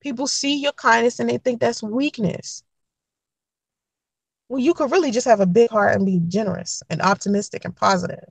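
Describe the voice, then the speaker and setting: A woman's voice: on the high side, normal speed, creaky, dry recording, low-quality recording. Blunt, profane woman telling a story. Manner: blunt, profane, animated retelling with acted quotes. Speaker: vlogger giving dating advice. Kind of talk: casual storytelling to camera.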